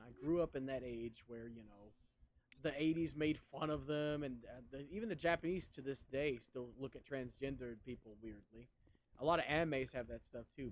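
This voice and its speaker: A man's voice: fairly high pitch, a little hiss or hum. A man in his thirties chatting casually on a stream, rambling and conversational. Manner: rambling, conversational, with many fillers and restarts. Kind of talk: casual chat while streaming.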